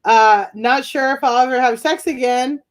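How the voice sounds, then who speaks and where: A young woman performing a stand-up set from home over a video call, rambling, laughing at her own jokes and shouting her punchlines. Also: high-pitched, moderate pace. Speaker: stand-up comedian. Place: home during quarantine.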